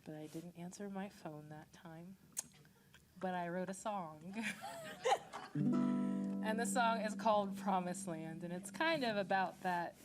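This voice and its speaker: A woman in her thirties from a Nigerian family in the United States, a singer-songwriter telling a story on stage between songs in a chatty, self-deprecating way with many fillers, with soft guitar music behind her. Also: lowish voice. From Nigerian family, raised in the United States. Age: 30s. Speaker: singer-songwriter performing live. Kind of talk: on-stage song introduction, storytelling.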